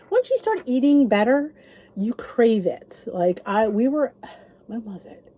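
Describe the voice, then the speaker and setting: Give me a chatty, encouraging woman vlogger with a slightly high, mellow voice. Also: big pitch swings, measured pace. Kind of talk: casual chat to camera.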